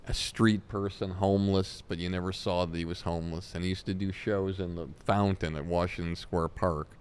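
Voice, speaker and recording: In an interview, a comedy talent manager spins long stories, animatedly acting out people's quotes. His voice is low and smooth, at normal speed.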